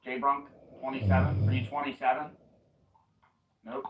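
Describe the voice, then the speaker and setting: A man on a headset mic giving live, excitable commentary on his own gameplay, yelling and swearing at opponents. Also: medium pitch, moderate pace, echoey room, highs cut off, noisy background. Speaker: streamer.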